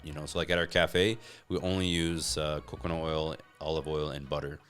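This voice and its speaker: Very deep-voiced man, relaxed and chatty. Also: brisk, soft background music. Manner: relaxed, filler-heavy talk with frequent "like". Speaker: podcast guest, gym co-founder. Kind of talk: casual interview chat.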